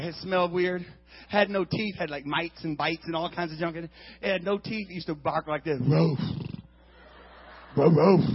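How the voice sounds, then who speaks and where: A man telling a comic story on stage, acting out noises and shouting with big energy in a husky voice. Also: high voice, lo-fi sound. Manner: animated, acts out sound effects and shouts. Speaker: comedian. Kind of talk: stand-up storytelling.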